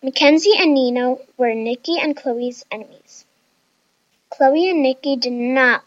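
Brief: high-pitched woman reading a story aloud, careful and measured, dull recording. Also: dry recording. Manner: reads lists of traits slowly and carefully.

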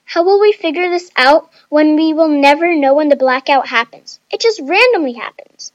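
A woman's voice: sing-song, a little slow, no echo, highs cut off. A woman voicing a panicky, dramatic young woman who whines and shrieks. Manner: shrill and whiny.

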